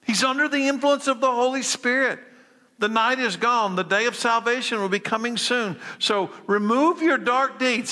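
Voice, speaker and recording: A male pastor preaching with urgent emphasis, his fairly high, bright voice dropping low and quiet on key lines. The sound rings with the long reverb of a large church hall. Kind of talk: sermon.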